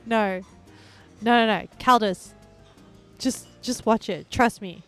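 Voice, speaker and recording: A woman's voice: a little high, slow, faint music behind. Chatty woman game streamer, rambling. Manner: chatty and rambling, heavy on "like" fillers; bursts into excited squeals and laughs. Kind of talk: casual live-stream chat.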